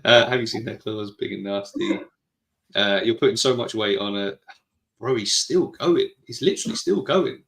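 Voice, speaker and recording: A man's voice: on the low side, moderate pace, vocal fry, a bit bright, echoey room, slight background noise. A man with a British accent co-hosting a podcast, reading out chat messages and teasing his co-host. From Britain. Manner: teasing, argumentative, laughs often. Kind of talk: casual chat reading live chat.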